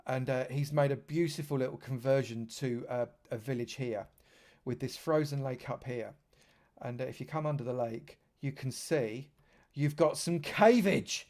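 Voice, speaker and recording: Touring a game server live, this streamer keeps up chatty commentary and lavishes praise on what he shows, sounding effusive throughout. He speaks at normal speed in a mid-range, darkish voice.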